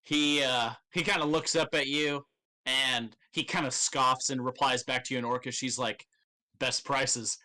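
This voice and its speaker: A man narrating as game master, loose, profane and quick to laugh. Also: medium pitch, level tone, sharp tone.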